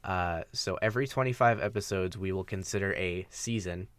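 A man co-hosting a casual gaming podcast, relaxed and full of fillers, laughing often. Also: low voice, normal speed, smooth, dry recording. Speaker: podcast co-host. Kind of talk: casual chat.

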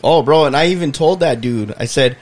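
A man's voice: a little high, brisk. A man co-hosting a casual podcast chat, telling stories animatedly and acting out customers, with lots of swearing. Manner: animated storyteller, acts out customers, swears freely. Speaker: podcast co-host, collectibles seller.

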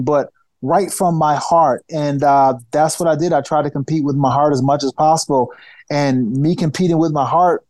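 A man telling stories in a casual interview, animated and full of restarts, acting out the people he quotes. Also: on the high side, no room sound. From United States. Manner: animated storyteller, acts out quoted voices, restarts often. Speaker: podcast guest, former fighter.

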